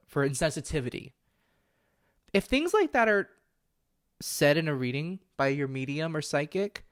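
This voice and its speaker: A man's voice: a little high, no echo, clean studio sound. A man hosting a solo podcast, talking in an earnest, impassioned way and often correcting himself mid-sentence. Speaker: podcast host.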